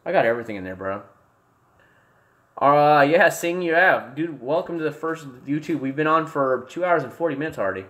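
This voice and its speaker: A young man hosts a casual livestream from a room at home. He rambles through viewer comments, stumbles and restarts his sentences, then jumps into loud, excited bursts. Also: a little high, brisk. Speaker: livestream host. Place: home room with desk and gear.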